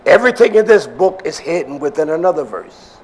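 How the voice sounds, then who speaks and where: An older man preaching a sermon, swinging from loud emphasis down to near whispers. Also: on the high side, very animated, fairly quick, breathy edge, low-quality recording.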